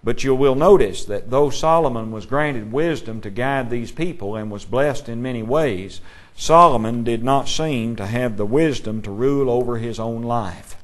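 A man's voice: mid-range voice, normal speed, hardly any pauses. Man teaching a Bible class; asks questions, reads verses aloud.

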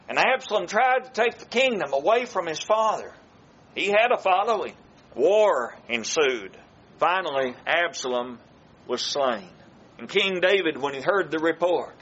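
Slow, emphatic male preacher. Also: sits high, a bit bright, lo-fi sound. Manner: slow, emphatic delivery with dramatic pauses. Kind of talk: sermon.

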